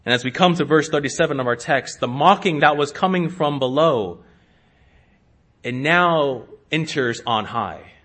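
Slow, high-voiced preaching man. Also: expressive. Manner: slow, emphatic preaching with sharp rises in pitch and volume. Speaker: pastor. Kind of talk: sermon.

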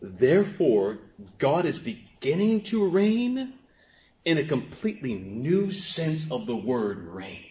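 A man preaching a sermon as pastor, dropping to quiet, drawn-out phrases and then rising to emphatic exclamations. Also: medium pitch, very animated. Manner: swings from hushed to emphatic, with stretched pauses. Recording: dull lo-fi sermon recording.

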